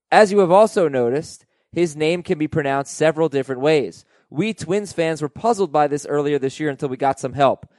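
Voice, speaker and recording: Male podcast host, lively email reader, slightly high pitch, dry close sound. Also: dry recording. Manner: animated, reads listener emails aloud. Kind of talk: fantasy baseball podcast chat.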